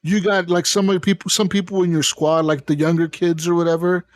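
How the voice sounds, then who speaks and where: A man's voice: high-pitched, little pitch movement, fairly quick. A man hosting a podcast, describing a video game in a rambling, profane casual chat. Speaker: podcast host.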